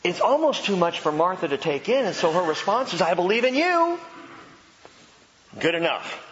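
A man preaching a sermon, emphatic and animated, asking rhetorical questions. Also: high voice, a little fast, in a large hall, muffled recording, slight background noise. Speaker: pastor.

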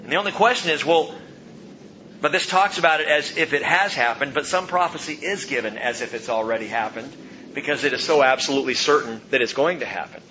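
A man preaching a sermon, reading scripture aloud and explaining it with expressive delivery. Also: mid-range voice, fairly quick, highs cut off, a little hiss or hum. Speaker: pastor.

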